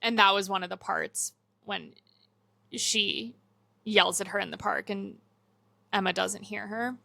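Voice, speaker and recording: Bright-voiced woman cohost retelling a movie. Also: medium pitch, measured pace, vocal fry, dry recording. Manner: animated retelling, acts out movie lines. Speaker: podcast cohost. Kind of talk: casual chat.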